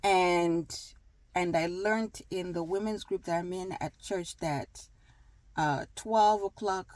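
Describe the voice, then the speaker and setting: A woman's voice: on the low side, slow, a little mellow, dry recording, poor audio. A woman in her thirties talking casually about faith and gratitude, rambling with many fillers and acting out little dialogues. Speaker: wellness vlogger. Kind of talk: casual faith talk to camera.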